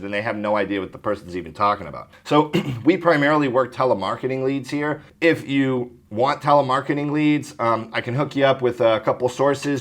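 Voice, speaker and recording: Brisk male insurance sales trainer. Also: medium pitch. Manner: brisk, coaching, often clears throat. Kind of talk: direct-to-camera sales training talk.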